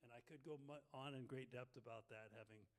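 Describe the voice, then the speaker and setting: A man teaching a casual Bible study, talking in a thoughtful, explanatory way and often pausing on fillers. His voice carries a long reverb as if the room is large and hard. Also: medium pitch, fairly even intonation.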